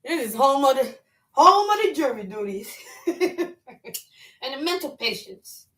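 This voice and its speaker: A woman, hosting a casual livestream chat, joking and animated. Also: high-pitched, a little slow. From New York. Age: 40s. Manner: animated, joking, breaks into laughs and shouts. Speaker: livestream host.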